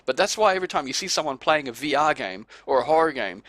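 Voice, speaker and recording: A man's voice: fairly high pitch, lively intonation, fast, few pauses, fairly bright tone, no room sound. A man hosting a casual gaming podcast, swearing freely and acting out his friends' reactions as he tells a story. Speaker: podcast host. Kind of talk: casual chat.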